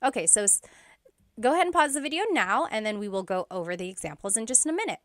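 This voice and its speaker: A woman teaching an online language lesson, patiently repeating phrases slowly for practice, with light laughs between explanations. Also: mid-range voice, lively intonation, a bit bright, no echo, clean studio sound.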